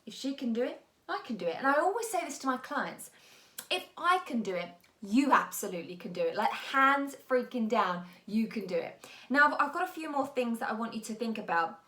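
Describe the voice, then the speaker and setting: A woman's voice: fairly high pitch, expressive, brisk, pushed and bright. A woman, a mindset and business coach, giving blunt, emphatic and encouraging motivational talk to the camera. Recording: echoey room.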